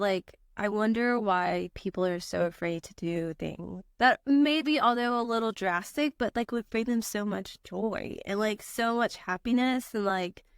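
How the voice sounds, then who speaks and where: A young woman physician assistant speaks as a guest on a casual podcast. She talks candidly and chattily at a mid pitch, with lots of "like"s and easy laughter. The sound is dry and close. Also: creaky, no echo.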